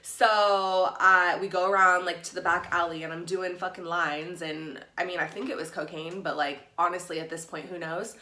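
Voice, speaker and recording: A young woman telling a story to camera in a candid, profane and animated way. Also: fairly low pitch, moderate pace, hardly any pauses, roomy sound, a little hiss or hum. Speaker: vlogger.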